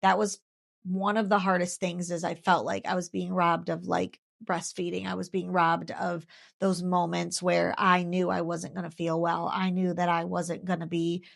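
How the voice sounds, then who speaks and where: Earnest woman with a gravelly low voice. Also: flat delivery, normal speed. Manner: earnest, heartfelt, repeats phrases for emphasis. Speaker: guest sharing her story. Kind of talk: faith testimony interview.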